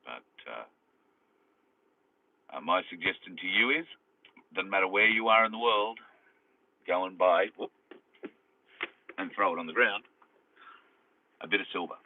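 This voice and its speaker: Aussie bloke rambling on a live stream from the car, deep voice, sounds thin like through a phone. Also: male voice, expressive, a little slow, pauses often. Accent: Australian. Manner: rambling, chatty, many fillers. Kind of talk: casual live chat to viewers. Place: car, driving. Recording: tinny phone-like sound over phone.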